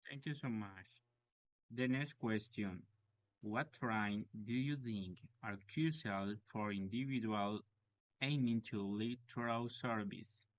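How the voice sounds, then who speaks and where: A man whose first language is Spanish, an English learner reading out prepared questions in a hesitant, halting way. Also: on the low side, no echo, highs cut off.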